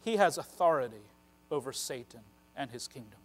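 A man preaching a sermon, earnest and emphatic, slowing down to stress key phrases. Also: medium pitch, lively intonation.

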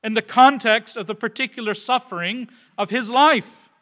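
A man preaching a sermon with earnest delivery, moving from loud, stressed phrases to quiet asides and often turning to the listeners with questions like "right?". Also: extremely high pitch, normal speed. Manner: addresses the listeners directly with tag questions. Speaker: pastor.

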